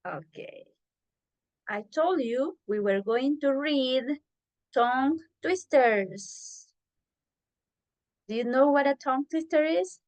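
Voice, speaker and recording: A woman teaching English over a video call, speaking slowly and steadily in a fairly high voice. She explains things patiently and repeats herself so the class can follow. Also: expressive, a little mellow.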